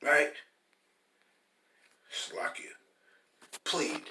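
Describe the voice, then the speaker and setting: A man teaching the Bible in an informal, blunt and profane preaching style, repeating points emphatically and reading verses slowly and forcefully. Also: heavy background noise. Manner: reads scripture slowly and forcefully. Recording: roomy echo from a distant mic.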